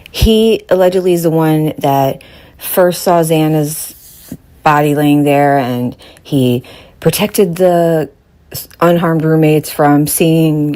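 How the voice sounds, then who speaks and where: A woman's voice: deep voice, warm tone. Puzzled woman hosting true-crime talk. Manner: questioning, puzzled, talks it through aloud. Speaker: host. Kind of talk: live true-crime commentary.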